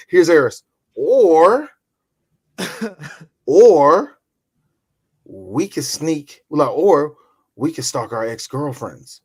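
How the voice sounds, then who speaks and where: A man's voice: on the high side, animated, very slow, long pauses, a little mellow, husky. A man co-hosting a casual comedy podcast, riffing and acting out bits with bursts of laughter. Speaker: podcast co-host.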